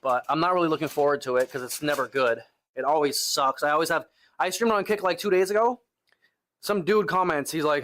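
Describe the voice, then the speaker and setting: Live from the gym, a young streamer casually chats with viewers between lifts, leaning hard on "bro" and "like." Tired-armed after lifting, he sighs between sets. He's a fast talker with a somewhat high, a bit bright voice and fairly even intonation.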